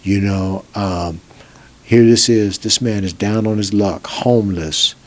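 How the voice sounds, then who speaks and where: A man's voice: on the low side, a little slow, a little mellow. A man hosting an interview who murmurs agreement and reflects on the guest's story in faith-based terms. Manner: affirming, often murmurs agreement, preacherly summing up. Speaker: podcast host.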